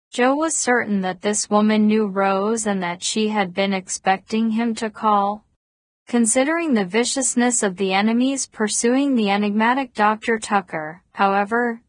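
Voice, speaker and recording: A woman narrating a novel as an audiobook in a measured, even reading voice. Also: medium pitch, no room sound. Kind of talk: scripted narration.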